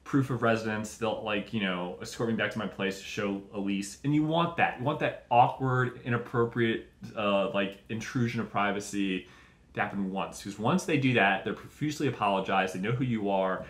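Young guy ranting on his podcast, swears a lot, jumps topic to topic, lowish voice, roomy echo. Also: normal speed. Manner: profane, tangent-hopping, acts out little scenes. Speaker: podcast host. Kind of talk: rambling comedic monologue.

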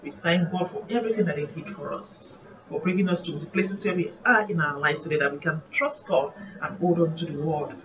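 A woman's voice: on the low side, brisk, few pauses, a crowd in the background. A woman evangelist with a Nigerian accent, giving an earnest, reflective devotional sermon. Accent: Nigerian English. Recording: muffled distant recording, faint background noise.

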